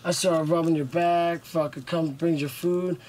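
A man's voice: a little high, steady tone, normal speed, a little mellow, a little hiss or hum, lightly acted. An actor playing a crude, foul-mouthed young male slacker who rambles brashly in film dialogue.

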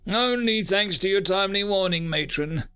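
A man voicing a bulky, crude male mining cyborg who speaks in a booming, deliberate way. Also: bright, forceful tone, clean tone, faint music behind. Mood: solemn.

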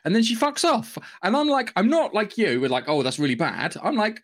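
A man co-hosting a podcast in casual chat, talking quickly in asides and checking in with "yeah?", with the odd swear. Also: very high voice, big pitch swings. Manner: chatty, punctuates with "yeah?", swears. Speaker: podcast co-host.

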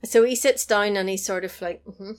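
A woman chatting casually on a podcast, retelling a film scene. She slips into small put-on voices for the characters and laughs easily, in an ordinary mid-pitched voice. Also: normal speed.

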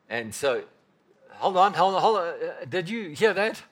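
A man preaching a sermon as pastor, emphatic and repetitive, swinging from loud bursts to quiet murmurs. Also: a little high, lively intonation, measured pace.

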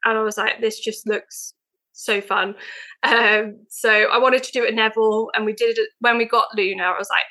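Bright, chatty young woman. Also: fairly high pitch, steady tone, normal speed, rough recording. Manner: chatty and eager, many fillers. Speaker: guest, veterinary nurse. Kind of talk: casual podcast chat.

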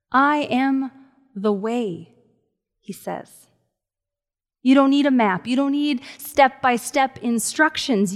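A woman pastor delivers a sermon at an unhurried pace, talking to her listeners conversationally and dropping into near-whispers to stress a point. Her voice rings out with the long reverb of a large sanctuary. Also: high-pitched. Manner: warm conversational preaching with soft, hushed emphases.

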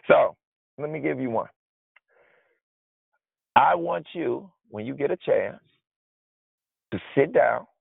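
A man preaching a conversational sermon, informal and animated, acting out his frustration in asides. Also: mid-range voice, gravelly, breathy edge, dry recording. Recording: dry, tinny phone-like sound.

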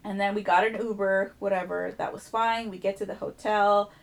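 A woman's voice: mid-range voice, normal speed. A woman hosting a podcast, telling a travel story in casual chat and acting out the people in it with plenty of swearing. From United States. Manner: animated, profane, acts out dialogue.

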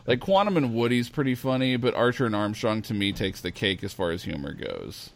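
A man's voice: lowish voice, lively intonation, fairly quick, creaky. A man hosting a casual chat, talking with enthusiasm and laughing easily. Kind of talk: casual chat about comics.

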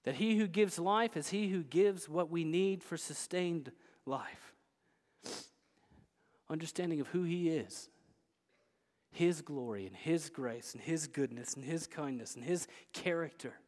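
A pastor with a fairly high voice delivers an emphatic sermon at a slightly slow pace, the sound carrying like a big room. He swings between loud declarations and quiet asides.

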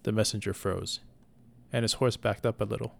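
A man narrating a story in a slow, deliberate scripted reading as the show's storyteller. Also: lowish voice, fairly even intonation, creaky. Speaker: podcast storyteller.

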